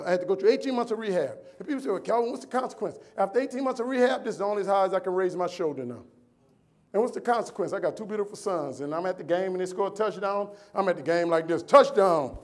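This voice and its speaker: A man with a high voice delivers a preacher-like keynote from a conference stage. He hammers phrases by repeating them and acts out every character in his stories. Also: darkish tone. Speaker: motivational speaker. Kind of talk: storytelling keynote speech. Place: conference stage before a live audience.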